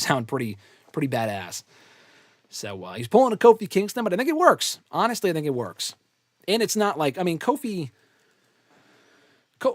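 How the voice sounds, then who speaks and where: A man's voice: on the high side, no echo. Blunt, chatty man on a dry mic. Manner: loose, blunt, casual swearing, frequent "um" and "I mean". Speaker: host answering fan questions. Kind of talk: casual live Q&A chat.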